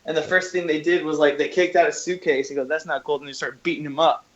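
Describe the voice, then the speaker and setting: A man's voice: fairly high pitch, fairly even intonation, fast, highs cut off. A young man co-hosting a casual podcast chat, brash and full of crude jokes. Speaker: podcast co-host.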